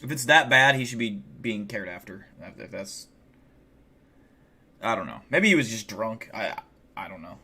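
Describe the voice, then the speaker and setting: A man's voice: fairly low pitch, lively intonation, normal speed, long pauses, bright, forceful tone, breathy edge. A man live streaming, telling a story in a casual, rambling way, swearing a lot and filling his talk with "like". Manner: rambling and heavily profane, many fillers like "like".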